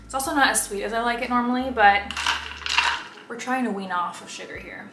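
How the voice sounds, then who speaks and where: A young American woman, a lifestyle vlogger, chats casually in a roomy room at her Texas home, filmed by a camera on a tripod. Her voice is fairly high and fairly quick, with loud music behind it. She rambles in a chatty way and throws in self-deprecating asides.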